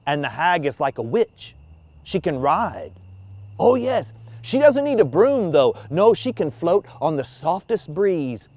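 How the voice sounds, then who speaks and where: A man spins ghost tales with a dramatic touch, dropping to a hush at times. His voice sits a little high and sounds close and dry. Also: sing-song, a little slow, no echo. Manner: dramatic, hushed in places. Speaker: storyteller. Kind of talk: ghost story telling. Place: outdoor graveyard.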